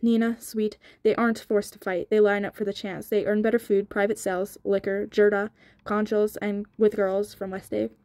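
A cold young male gang boss, read by a woman narrator in a storybook reading, dry and dismissive in tone. The delivery stays even and flat, with a mid-pitched voice. The recording is close and dry. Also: moderate pace, no echo, close to an everyday voice.

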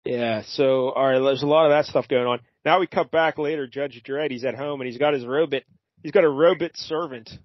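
A man's voice: medium pitch, a little fast, no echo. Easygoing man, muffled dry sound. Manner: rambling, hesitant, with brief character voices. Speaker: podcast co-host. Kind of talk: casual comic book discussion.

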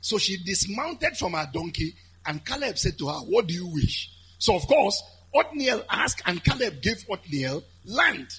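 A man with a Nigerian accent preaching a lively sermon, building to shouted, chanted high points. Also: measured pace, a little hiss or hum. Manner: animated, shouting and chanting at peaks.

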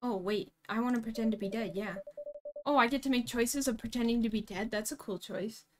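A young woman streaming a game live, excitable and giggly, talking to herself as she plays. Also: on the high side, brisk, a little hiss or hum.

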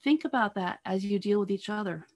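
A woman with a medium-pitched, slightly mellow voice gives an earnest sermon on marriage for a church talk held over a video call. She presses her listeners with repeated rhetorical questions, sometimes halting on fillers and restarts.

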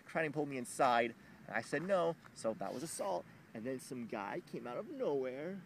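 A man's voice: medium pitch, very animated, normal speed, noisy background. A young man venting to camera in an emotional personal rant, agitated and swearing, rambling with frequent restarts, recorded outdoors.

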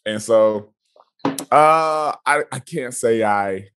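A man co-hosting a casual podcast, relaxed and reflective, chuckling between thoughts. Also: mid-range voice, drawn-out words, slight background noise. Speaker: podcast co-host.

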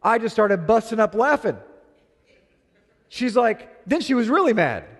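Animated male pastor in a reverberant hall. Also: sits high, unhurried. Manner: animated storytelling, acting out both sides of a quarrel. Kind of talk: sermon.

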